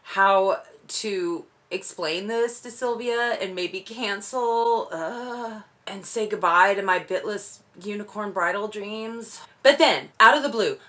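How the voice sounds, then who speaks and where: A woman's voice: medium pitch, takes it slowly, hardly any pauses, bright, forceful tone. Gushing woman with a drawl. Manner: gushing, emotional, self-deprecating. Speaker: vlogger. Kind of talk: excited unboxing vlog. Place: home indoors.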